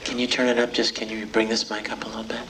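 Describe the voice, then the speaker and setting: A man's voice: on the low side, fast talker. A middle-aged man, a voice actor at a convention panel, talking casually and playfully to fans on a handheld mic. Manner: playful, joking, animated storyteller. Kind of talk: casual panel talk to a fan crowd. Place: convention hall stage. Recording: distant audience recording, noisy hall.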